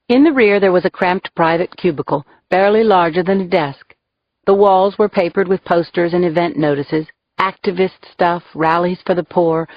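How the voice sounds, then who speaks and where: A woman's voice: lowish voice, no echo, highs cut off. A woman narrating a first-person crime novel in a wry, dry manner. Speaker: audiobook narrator.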